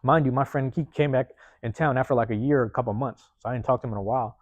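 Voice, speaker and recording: Fast-talking profane man telling a story. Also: medium pitch, no room sound, phone-quality sound. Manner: profane, rapid, animated retelling with acted-out quotes. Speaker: podcast host. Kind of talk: casual storytelling monologue.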